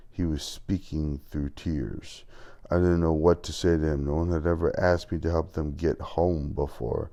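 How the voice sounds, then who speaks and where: A man narrating an audiobook in the first person, reading at a measured pace with small slips. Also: a bass voice, flat delivery, mellow. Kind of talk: scripted narration.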